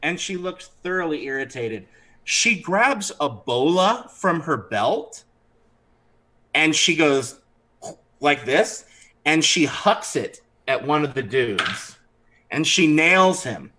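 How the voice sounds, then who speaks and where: A man narrating as dungeon master of a tabletop game, animated and throwing in character voices. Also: a little high, takes it slowly, poor audio.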